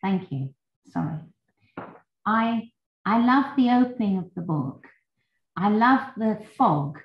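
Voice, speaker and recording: A woman's voice: medium pitch, lively intonation, takes it slowly, slight background noise. A woman from England in a book club discussion on a video call, earnest, apologetic, and enthusiastic about the novel. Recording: dull, echoey video-call audio.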